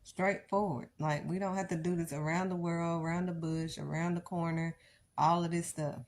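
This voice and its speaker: A woman's voice: fairly low pitch, fairly even intonation, normal speed, a little mellow. A middle-aged woman preaching bluntly on a live stream, pressing the listener with rhetorical questions. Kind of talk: impassioned live-stream sermon.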